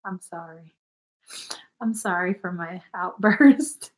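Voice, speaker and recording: A woman's voice: on the low side, takes it slowly. A woman on a casual livestream, giving blunt, frank readings and swearing freely as she talks.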